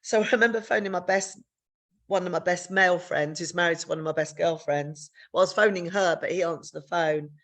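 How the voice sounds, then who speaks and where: A woman's voice: fairly even intonation, fairly quick, fairly bright tone. Frank, candid woman telling her story. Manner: frank, swears freely, re-enacts dialogue with big pitch jumps. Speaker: podcast co-host sharing her story.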